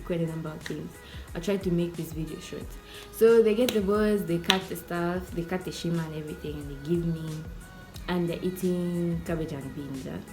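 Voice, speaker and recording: A young woman with a Zambian accent telling a casual storytime, animated, acting out the people she quotes between chatty fillers. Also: lowish voice. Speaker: YouTuber.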